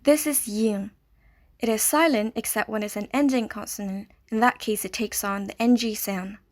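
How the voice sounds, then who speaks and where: A woman narrating a scripted language lesson, explaining step by step in a slow, clear way. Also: on the high side. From Malaysia. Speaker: language teacher.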